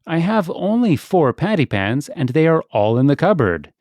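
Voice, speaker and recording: A man's voice: a little high, big pitch swings, moderate pace, a little mellow, no echo, voice pushed up. A man putting on a prim, proper lady cat. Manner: genteel, disapproving, matter-of-fact.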